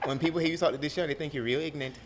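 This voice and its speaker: A young man with a South Carolina accent, a producer talking as an interview guest in a lively, laughing way. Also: on the high side, racing, slight background noise. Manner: animated, laughing storyteller. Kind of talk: casual interview talk.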